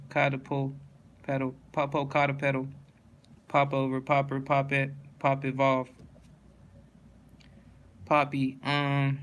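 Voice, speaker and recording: A man reading dictionary entries aloud one after another in a flat, steady monotone, now and then stumbling and correcting himself. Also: medium pitch.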